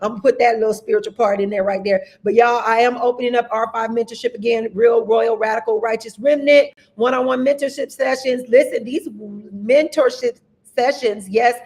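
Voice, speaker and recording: A woman minister hosting a livestream, giving announcements in a lively, preacher-like way and greeting viewers by name. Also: on the high side. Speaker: host and minister. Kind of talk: livestream announcements and shout-outs.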